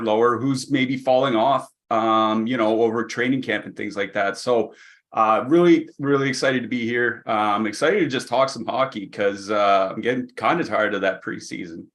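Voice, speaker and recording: Guest guy on a podcast, normal pitch, laid back, lots of um and you know. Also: a bit bright. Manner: easygoing, halting with fillers. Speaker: guest commentator. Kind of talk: casual podcast chat.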